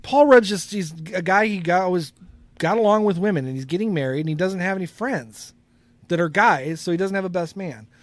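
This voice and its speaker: A man's voice: high-pitched, animated, a little fast, no room sound. A middle-aged man co-hosting a casual podcast, rambling and laughing often as he talks. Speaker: podcast co-host.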